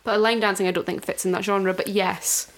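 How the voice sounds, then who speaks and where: A woman's voice: mid-range voice, flat delivery, brisk. A woman co-hosting a podcast, trading teasing, self-mocking banter in casual chat. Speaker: podcast co-host.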